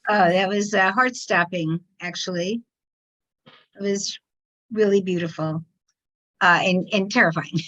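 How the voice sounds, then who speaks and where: A woman hosting a literary reading, thanking readers and introducing the next one in a warm, halting way full of ums and uhs. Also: medium pitch, dull audio. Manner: warm, halting, with many fillers. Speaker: host of a reading series.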